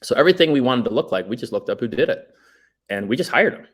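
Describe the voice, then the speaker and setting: A man's voice: medium pitch, animated, quick pace, husky. A man chatting casually on a podcast as a guest, telling stories in a laid-back, rambling way with lots of fillers. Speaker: guest, documentary writer and director.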